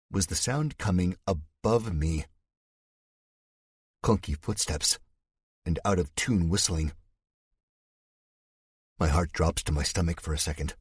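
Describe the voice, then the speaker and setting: A man reads a thriller audiobook in the first person, keeping his delivery steady and measured. His voice is very low and husky. The recording is dry and close, with no room around it. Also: dry recording. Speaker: audiobook narrator.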